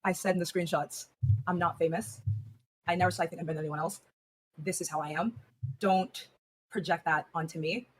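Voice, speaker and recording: A woman co-host answering calmly in a flat, measured, serious monotone. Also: lowish voice. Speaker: co-host on a live stream. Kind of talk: serious on-air reply.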